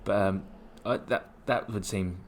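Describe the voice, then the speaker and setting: A man's voice: on the low side, fairly even intonation, unhurried, slight background noise. A young man chatting on a podcast, rambling with lots of fillers. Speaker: podcast co-host. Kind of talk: casual chat.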